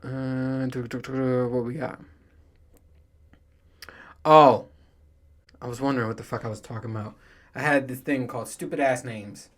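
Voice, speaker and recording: A man's voice: medium pitch, steady tone, measured pace, pauses often. A man in his thirties hosting a solo podcast, chatting casually in a rambling, profane way and laughing often. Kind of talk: casual monologue.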